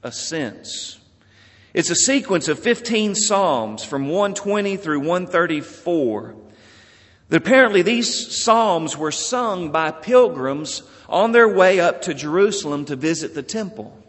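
A pastor preaching a sermon in a slow, measured way, lifting for emphasis and dropping soft at the ends of phrases. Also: male voice, on the high side, animated. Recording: long reverb of a large hall.

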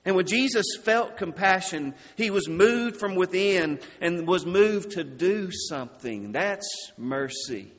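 Man, preacher, sermon, slow deliberate delivery, slightly high voice, long hall reverb. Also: animated. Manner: slow, deliberate, drops low and soft on key words.

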